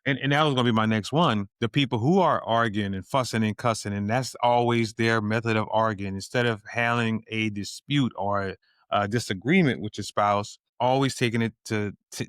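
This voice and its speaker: A man's voice: fairly low pitch, a bit bright, no echo, clean studio sound. A man hosting a couples podcast, asking questions casually and often checking in with "right?". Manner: conversational, asks questions with tag "right?". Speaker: podcast host. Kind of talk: podcast conversation.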